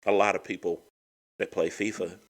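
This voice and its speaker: A man's voice: low-pitched, normal speed. A middle-aged man, a comedian guest telling stories in a casual chat. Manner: animated, lively storyteller.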